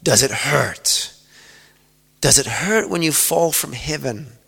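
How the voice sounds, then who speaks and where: A man voicing a dark, demonic male phone caller who taunts slowly in a low, whispery voice. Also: expressive, vocal fry, breathy edge, heavily acted. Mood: menacing. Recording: long hall reverb.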